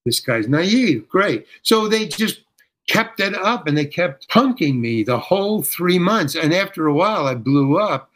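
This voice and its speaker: Older man, lively storyteller, higher voice. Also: measured pace, low-quality recording. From United States. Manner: lively storyteller who acts out quoted voices, with frequent restarts. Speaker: guest actor telling stories. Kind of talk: animated anecdote telling.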